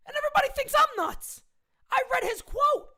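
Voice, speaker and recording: A woman ranting loudly and indignantly into a phone camera, repeating her points as a sports fan. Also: very high-pitched, lively intonation, fairly quick. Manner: loud, indignant, repetitive ranting. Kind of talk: live rant into a phone camera.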